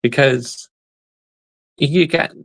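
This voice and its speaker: A man hosting a football video channel, reacting to clips in casual, animated commentary with frequent exclamations and laughs. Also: medium pitch, slow, no echo, low-quality recording. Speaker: YouTube football channel host.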